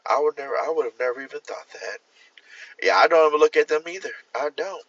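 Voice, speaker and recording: A man's voice: on the high side, expressive, quick pace, fairly bright tone, no echo, distant mic. A man, chatting casually and animatedly on a livestream, laughing and acting out the voices he quotes. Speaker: livestream host. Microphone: phone. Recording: dull lo-fi phone audio.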